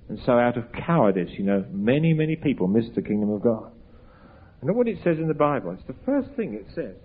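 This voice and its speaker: A husky-voiced man delivers an evangelistic sermon, moving from earnest pleading to emphatic peaks. The sound is thin and tinny, as though it came down a phone line. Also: medium pitch, big pitch swings, quick pace. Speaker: preacher.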